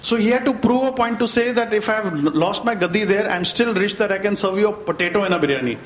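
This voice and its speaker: A man's voice: sits high, fast, echoey room, poor audio. A man from India with an Indian English accent, a chef on a panel, telling anecdotes in a chatty way and slipping into Hindi phrases. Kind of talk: anecdotal storytelling.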